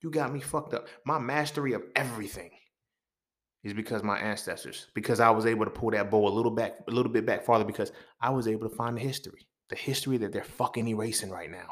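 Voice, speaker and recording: Fired-up man ranting on his podcast. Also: quick pace. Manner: heated, profane, rising to near-shouts then dropping low. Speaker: podcast host. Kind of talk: impassioned solo monologue.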